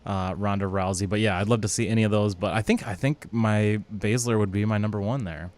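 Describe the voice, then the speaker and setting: A man's voice: on the low side, fairly even intonation, brisk, darkish tone. A man hosting a podcast in casual chat, a little hesitant as he moves it to the next topic. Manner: hesitant, filler-heavy, steers the topics.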